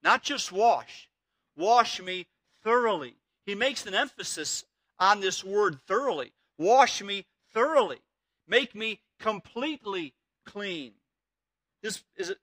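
High, bright-voiced man preaching. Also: dry recording. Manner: earnest and emphatic, repeating key words. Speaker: pastor. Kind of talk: sermon.

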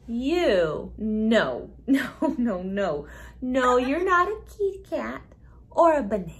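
A preschool music teacher, a woman, talking playfully to young children in a gentle sing-song way, often repeating her words. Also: on the high side, big pitch swings, takes it slowly, background noise.

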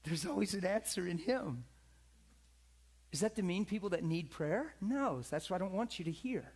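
A middle-aged man preaching a sermon as a pastor, impassioned, swinging from loud exclamations down to near whispers. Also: high-pitched, lively intonation, moderate pace, slightly rough.

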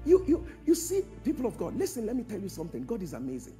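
A man preaching a sermon in a large church, calling out to the congregation and swinging from hushed tones to shouts. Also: sits high, wildly swooping pitch, fast talker, faint music behind. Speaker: pastor.

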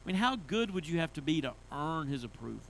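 Higher-voiced man preaching a sermon. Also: big pitch swings, quick pace, a bit bright, a little hiss or hum. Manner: conversational, with many restarts and rising emphatic runs. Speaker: pastor. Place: church sanctuary.

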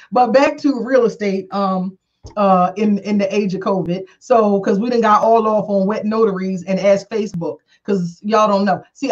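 A woman hosting a talk show, telling a story casually with animated, acted-out dialogue and frequent laughter. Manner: animated, acts out quoted dialogue with big pitch jumps; laughs often while talking. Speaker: attorney and show host. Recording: dull lo-fi sound.

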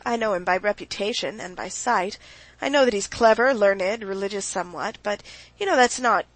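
An easygoing young aristocratic officer, light and offhand, as a woman reads him in an audiobook. He comes across at a middling pitch, close and dry on the mic. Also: normal speed, dry recording, natural voice, poor audio. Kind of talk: audiobook character reading.

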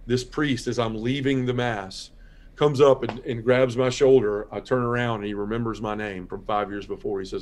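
A man shares his life story as a podcast guest. He speaks in an earnest, quiet, heartfelt way, like someone giving a personal testimony. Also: mid-range voice.

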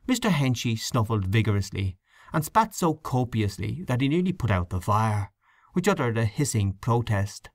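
A man narrates an audiobook with measured storytelling. His pitch moves in a lively way, and the recording is dry and close with no room sound. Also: no room sound. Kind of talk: scripted narration.

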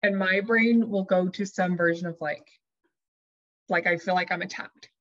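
A woman life coach explaining ideas to her audience, lively and chatty, sometimes putting on her own dramatic inner voice as an example. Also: on the low side, normal speed, muffled recording. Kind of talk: teaching talk to an audience.

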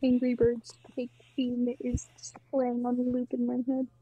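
A woman's voice: on the high side, monotone, measured pace, narrow, tinny audio, a little hiss or hum. A woman guest joking bluntly and playfully in casual banter. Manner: playful, blunt, hums tunes. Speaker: guest friend on the reaction video.

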